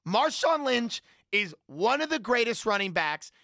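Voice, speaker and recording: An emphatic man on a sports panel who drives his point home again and again. His voice is bright and lively, leaping up and down in pitch, and the sound is close and dry. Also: a little slow, no echo. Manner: emphatic, repetitive, argumentative. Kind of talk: heated sports debate.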